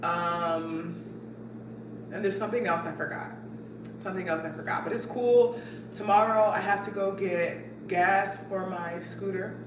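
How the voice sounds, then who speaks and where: Chatty woman vlogging in an echoey room. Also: lowish voice. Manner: chatty, animated, reading comments aloud. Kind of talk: casual vlog chat. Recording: echoey room from a distance with noise.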